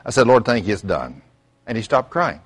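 A man's voice: medium pitch, big pitch swings, a little fast, slightly rough. An older man preaching a sermon, telling folksy stories and throwing out rhetorical questions with sudden outbursts. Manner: folksy storytelling. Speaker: pastor.

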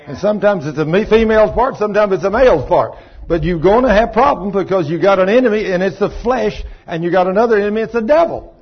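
A man preaches in a folksy, colloquial way, with lively storytelling. His voice sits a little high and has a husky edge. The recording is dull and lo-fi. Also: fast talker, few pauses. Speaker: pastor.

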